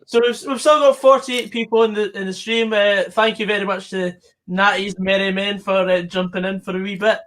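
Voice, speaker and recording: High-voiced stream host. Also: male voice, flat delivery, a little fast, a bit bright. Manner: easygoing, reads out chat comments. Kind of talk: casual football chat. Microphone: online voice call.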